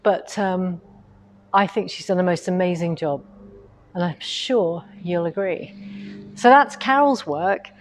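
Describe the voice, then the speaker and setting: A woman's voice: lowish voice, measured pace, a little hiss or hum. A middle-aged woman chatting casually on a livestream from a quilting showroom, rambling with asides as she moves the camera on its tripod. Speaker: host of a quilting shop livestream. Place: quilting machine showroom, indoors.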